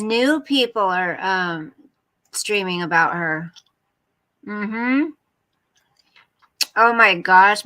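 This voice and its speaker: In a home room, a woman livestreams casually, speaking bluntly and rambling to her chat and her pet. Her medium-pitched voice is bright and forceful, and the recording quality is low.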